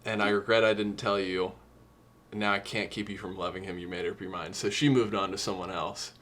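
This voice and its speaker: Young man, low voice, earnest music-podcast co-host, heartfelt chat. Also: fairly even intonation, fairly quick, a bit bright, a little hiss or hum. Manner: earnest, emotional, quotes lyrics. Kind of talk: casual music discussion.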